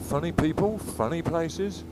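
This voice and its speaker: A man's voice: fairly high pitch, measured pace. Chatty English-born man rambling while riding. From England. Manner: rambling and chatty, swears freely. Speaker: motorcycle vlogger. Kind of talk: casual riding commentary. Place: outdoors on a moving motorcycle on the road. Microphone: helmet-mounted action camera. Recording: faint road and engine noise.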